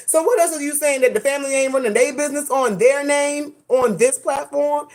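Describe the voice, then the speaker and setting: A woman's voice: high-pitched, brisk, hardly any pauses. A woman hosting a casual commentary vlog, sassy and dramatic, full of slang. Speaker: host.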